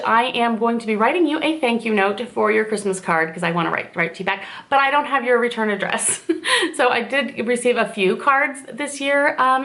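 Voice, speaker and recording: Chatty gravelly-voiced Indiana woman. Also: mid-range voice, a bit bright. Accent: southern Indiana. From southern Indiana, USA. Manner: chatty, rambling, many fillers. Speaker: vlogger answering viewer questions. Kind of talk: casual Q&A chat to camera.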